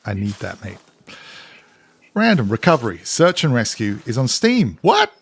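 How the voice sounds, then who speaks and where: A man's voice: on the low side, big pitch swings, normal speed, husky. A man from England with a mix of English and Scottish accent, chatting casually with viewers on a live game stream. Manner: chatty, reads out and answers chat while playing.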